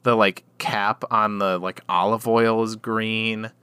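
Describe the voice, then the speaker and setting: A man's voice: on the low side, flat delivery, slow, sharp tone, clear, resonant tone, no room sound. A man co-hosting a podcast, rambling through a casual chat with many fillers and restarts. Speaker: podcast co-host.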